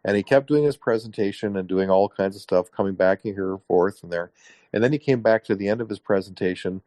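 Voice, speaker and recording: Low-voiced man telling a story, dry sound. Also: a little fast, no room sound. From Canada. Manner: animated storyteller, acts out quoted voices. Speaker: guest. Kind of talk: casual interview storytelling.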